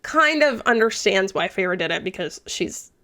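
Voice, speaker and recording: A woman's voice: medium pitch, big pitch swings, normal speed, fairly bright tone. A young woman recapping a book in a chatty, casual way, swearing freely and dropping into whispered asides. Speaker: book reviewer.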